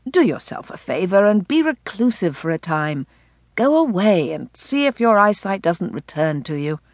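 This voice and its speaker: A woman voicing a male doctor in an audiobook who gives frank, gently scolding advice. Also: mid-range voice, big pitch swings, moderate pace, no echo, clean studio sound, close to an everyday voice. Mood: urging. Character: country doctor, man, blunt and caring.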